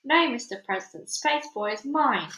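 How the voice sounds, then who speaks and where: A cold, sneering old mad scientist, a head in a jar, with a thick German accent, as a woman reads him out. The voice sits fairly high and bright, with a disdainful, commanding edge. It rings in an echoey room. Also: expressive, moderate pace. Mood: menacing.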